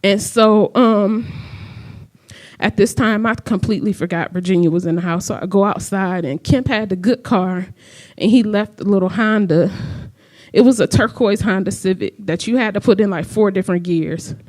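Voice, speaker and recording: Her mid-range voice a little mellow and her speed normal, a middle-aged woman shares a personal story with an audience. She keeps it conversational and performs the dialogue of the people involved.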